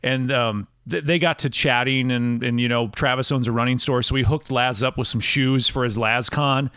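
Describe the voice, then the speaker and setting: A podcast host chats casually in an interview, rambling and laughing as he goes. His mid-range voice is steady, fairly bright, clear and resonant at a moderate pace, captured in clean studio sound with no room echo.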